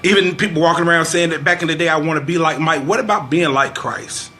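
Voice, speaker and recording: A man's voice: a little high, fast talker, sharp tone. Fervent preacherly man venting frustration. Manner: fervent, preacherly, scripture-quoting exhortation; frustrated, repeats phrases for emphasis. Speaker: vlogger. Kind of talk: preachy social commentary vlog.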